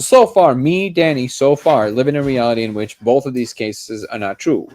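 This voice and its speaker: In a medium-pitched, slightly mellow voice, a daily live-discussion host reacts to a video clip by thinking aloud. His casual commentary is full of restarts and verbal stumbles.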